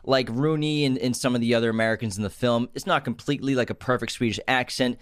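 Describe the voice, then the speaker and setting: A man co-hosting a podcast, casually sharing film trivia in a relaxed, informative way. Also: medium pitch, quick pace, no echo, clean studio sound. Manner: relaxed, informative, trails off with fillers. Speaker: podcast co-host.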